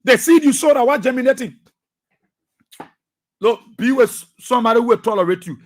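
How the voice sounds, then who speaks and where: This is a man with a Liberian English accent hosting a political talk show on the radio. His voice sits very high, and he mixes mocking laughter with preachy repetition, circling back to the same lines. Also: animated, a little fast. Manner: laughs often, mocking and preachy, repeats phrases.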